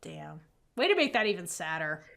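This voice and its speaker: A woman's voice: deep voice, very animated, normal speed, creaky, a bit bright. A woman co-hosting a casual recap podcast, telling the story with lots of "like" and casual swearing, and acting out the characters' lines. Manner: swears casually, says "like" a lot. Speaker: podcast co-host.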